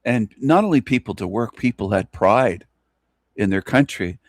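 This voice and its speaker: A man hosting a solo radio monologue, ranting emphatically and repetitively with mocking chuckles and sudden jumps in pitch. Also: animated, moderate pace, dry recording, clean studio sound. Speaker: radio show host.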